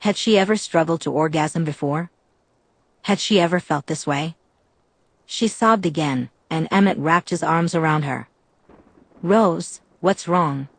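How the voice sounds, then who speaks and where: A woman narrating a romance audiobook in a steady, even read. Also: low voice, normal speed, no room sound.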